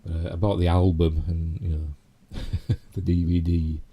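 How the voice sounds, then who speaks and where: A man's voice: low-pitched, flat delivery, measured pace, husky, dull audio. A middle-aged man with a Yorkshire accent, hosting a casual live stream and rambling chattily with self-mocking asides. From Yorkshire, England. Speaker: YouTube host.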